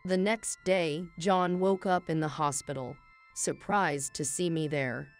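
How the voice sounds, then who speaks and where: A woman with a low voice narrates a scripted first-person story in a calm, measured way. Her delivery stays cool and even, with faint music playing behind her.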